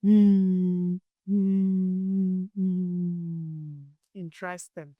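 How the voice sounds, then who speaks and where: A woman gently teaching young children their letters, speaking very slowly and drawing out each sound. Her voice is smooth and clear, recorded close and dry with no room sound. She praises the listener often and keeps an encouraging, patient manner. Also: fairly high pitch, expressive, no room sound. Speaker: children's Arabic alphabet teacher.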